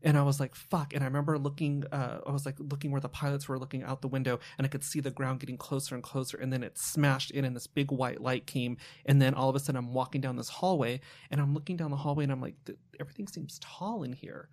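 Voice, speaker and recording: A man's voice: mid-range voice, little pitch movement, a little mellow. A man, a psychic medium guest on a podcast, telling vivid dream stories in casual chat, with some swearing. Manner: rapid, vivid storytelling with swearing.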